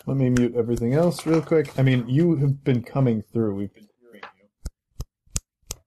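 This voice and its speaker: A man hosting a tabletop game podcast, chatting casually and calmly sorting out microphone trouble. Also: medium pitch, normal speed, a little hiss or hum. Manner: relaxed, reassuring, talks through tech checks. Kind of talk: casual backstage chat.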